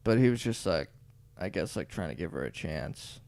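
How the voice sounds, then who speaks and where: A man co-hosting a podcast in casual chat, rambling and laughing often, his voice trailing off quietly. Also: low voice, expressive, normal speed, vocal fry. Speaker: podcast co-host.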